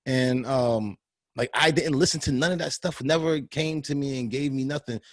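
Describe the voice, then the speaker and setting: A man's voice: mid-range voice, normal speed, no room sound, clean studio sound. A young man from New Jersey co-hosting a podcast in casual chat, swearing and laughing often. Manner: animated, laughs a lot, swears. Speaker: podcast co-host.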